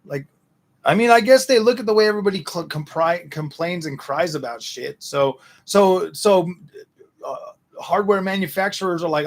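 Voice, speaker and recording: A man with a raspy, fry-heavy voice pitched a little high hosts a casual livestream. He rants to chat in loose slang and keeps repeating and restarting his sentences. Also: expressive, normal speed. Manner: slangy ranting, lots of "dude" and "man". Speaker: livestream host answering chat.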